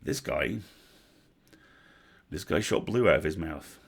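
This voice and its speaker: Low gravelly man reading a story. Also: animated. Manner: measured, wry asides. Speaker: story reader. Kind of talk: audiobook-style story reading on a livestream.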